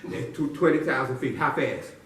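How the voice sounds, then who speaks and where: Bright, playful male storyteller. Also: mid-range voice, normal speed, slight background noise. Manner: call-and-response, playful build-ups. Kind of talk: animated storytelling to a live audience. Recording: echoey room from far off.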